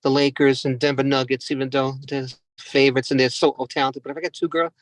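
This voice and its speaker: A man's voice: medium pitch, little pitch movement, quick pace, no room sound, poor audio. A man doing stand-up comedy, rambling and mocking himself, often calling the crowd "guys".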